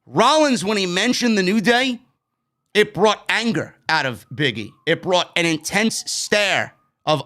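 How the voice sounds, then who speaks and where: A high, bright-toned man talking through a wrestling show review. He is blunt and profane, and he sounds openly exasperated with choices he doesn't like. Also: animated, a little slow. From New York. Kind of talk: casual opinionated review.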